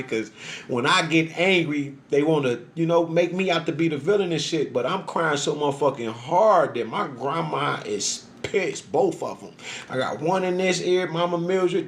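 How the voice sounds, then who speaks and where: Profane, animated storytelling man. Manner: profane, emphatic, animated storytelling with frequent 'right?'; acts out voices in quotes, pitch jumping up. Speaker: social media livestreamer. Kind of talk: rambling personal monologue.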